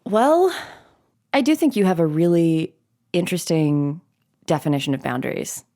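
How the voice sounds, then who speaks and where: A woman guest on a podcast, speaking in a thoughtful, measured way. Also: lowish voice, animated, dark tone. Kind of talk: conversational podcast talk.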